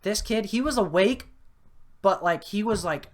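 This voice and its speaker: A woman's voice: mid-range voice, moderate pace. Young woman rambling through a story. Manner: rambling with many fillers and restarts; grows animated and loud at the climax. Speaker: podcast host. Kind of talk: casual storytelling.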